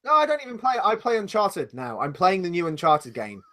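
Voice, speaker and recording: Brief: British male co-host, lively and expressive, sweary, blunt and argumentative banter. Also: high-pitched, brisk. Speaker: podcast co-host. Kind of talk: casual live podcast banter.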